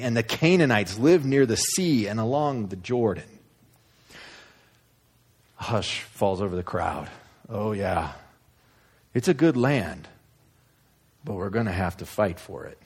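A man preaching a sermon, retelling a story in an animated, humorous, conversational way. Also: lowish voice, husky. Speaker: pastor.

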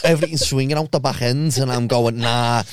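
A young man, a podcast guest telling crude, animated anecdotes with lots of laughter. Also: medium pitch, fast talker, very noisy. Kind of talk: casual storytelling chat.

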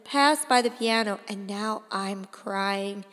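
A woman narrating a first-person audiobook in an expressive, deliberate way. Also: mid-range voice, big-room sound, faint music behind. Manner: expressive, slow and deliberate, rising to cries in dialogue.

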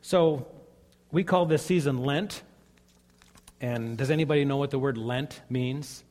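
A man's voice: medium pitch, a little slow, darkish tone. A man preaching a sermon as a pastor, earnest and conversational, telling stories to his congregation. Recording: long hall reverb.

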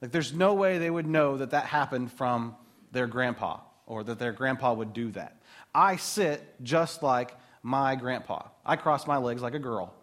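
A man in his thirties, a pastor, preaching a sermon in a conversational, animated way with casual asides. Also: mid-range voice, a little slow.

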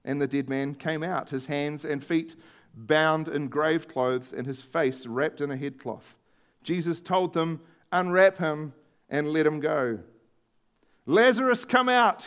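A male preacher giving a sermon, retelling a story in a conversational way and stressing key words. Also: a little high.

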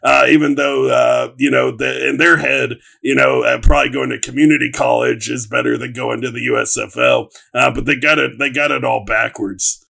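Very gravelly guy, bright edge, chatting football, lots of uhs. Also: mid-range voice, steady tone, moderate pace, slight background noise. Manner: hesitant, lots of uh fillers. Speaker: panelist. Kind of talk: casual sports talk.

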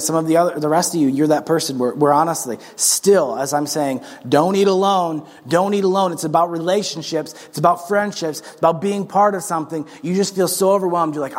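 A man's voice: fairly high pitch, a little fast, hardly any pauses. A man preaching a sermon as pastor, earnest and urging, speaking straight to his congregation in a large church. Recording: long hall reverb.

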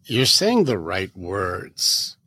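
A man's voice: low voice, wildly swooping pitch, drawn-out words, pushed and bright, husky, no room sound. A man hosting a podcast interview, talking emphatically and hammering his point home by repeating phrases. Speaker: podcast host.

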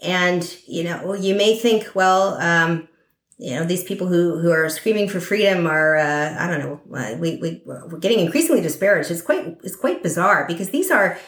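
A woman's voice: on the low side, lively intonation, normal speed, echoey room. A woman speaking as a podcast guest in a political conversation, thoughtful and hesitant, with many fillers and restarts.

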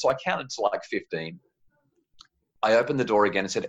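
A man, telling a parenting story in a gentle, calm way on a podcast. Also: lowish voice, fast talker, muffled recording. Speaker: parenting guest.

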